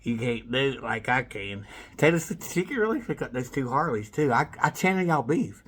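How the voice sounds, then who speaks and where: A man's voice: mid-range voice, sing-song, moderate pace, a bit bright, husky. A man in a rambling self-filmed monologue, boastful, swearing freely and breaking into laughter between phrases.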